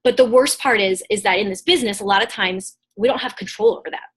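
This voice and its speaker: A woman coach and mentor talks to her group over a video call, and her voice has a husky, slightly breathy grain. She tells her story in a loose, chatty way, full of "like" and "um" and quick restarts, at a middling pitch. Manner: casual and chatty, many fillers and restarts. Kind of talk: live motivational storytelling talk.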